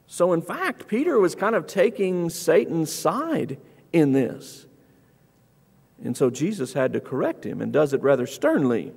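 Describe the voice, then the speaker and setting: Guy preaching in church, kinda high voice, acts out the bible quotes, long echo off the hall. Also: unhurried, creaky, husky. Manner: animated, acts out scripture quotes with raised pitch. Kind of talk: sermon. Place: church auditorium.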